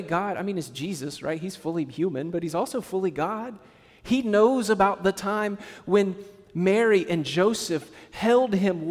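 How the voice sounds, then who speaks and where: High-voiced man preaching in a hall. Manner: expressive preaching, acts out quotes, drops to a soft hush on sad points. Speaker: pastor. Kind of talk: sermon.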